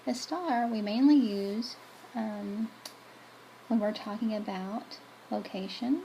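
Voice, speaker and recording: A woman's voice: mid-range voice, takes it slowly, warm tone, a little hiss or hum, low-quality recording. A woman teaching Spanish verbs in a chatty style, correcting herself as she writes on a board. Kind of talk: classroom video lesson.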